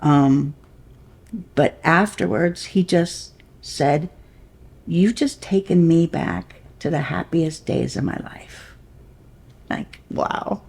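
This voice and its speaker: A woman's voice: low voice, takes it slowly, a little mellow, husky. A woman from a performing troupe recalling a moment from her work in an interview, in a reflective and hesitant way. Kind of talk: interview recollection.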